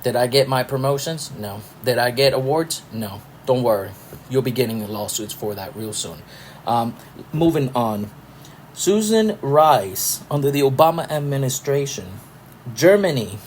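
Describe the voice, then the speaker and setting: A man's voice: mid-range voice, a little hiss or hum, rough recording. A middle-aged man hosting a podcast, ranting angrily with profanity and sarcastic rhetorical questions. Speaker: podcast host. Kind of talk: ranting political commentary.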